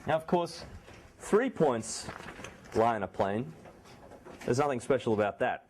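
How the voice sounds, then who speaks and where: A man lecturing a university class in a small room, speaking quietly with a sore throat and making joking asides to his students. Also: mid-range voice, a little hiss or hum. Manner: speaks softly, not loudly.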